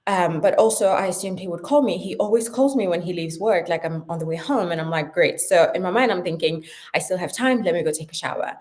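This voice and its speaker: A young South African woman speaks in an animated way as she chats to camera in her home vlog. Her voice sits on the low side for a woman, and she keeps the talk loose and playful. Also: fairly quick, hardly any pauses. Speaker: vlogger. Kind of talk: casual chat to camera.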